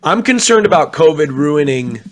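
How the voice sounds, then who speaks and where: A man's voice: fairly high pitch, lively intonation, moderate pace. A young man chatting casually on a late-night stream, rambling through stories and acting out what people said. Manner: rambling storyteller, acts out quoted voices. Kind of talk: casual chat.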